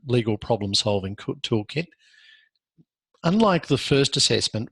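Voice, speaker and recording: A male law lecturer with an Australian accent giving earnest, measured advice in a recorded university lecture, pausing now and then on fillers. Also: medium pitch, fairly bright tone, breathy edge, dry recording.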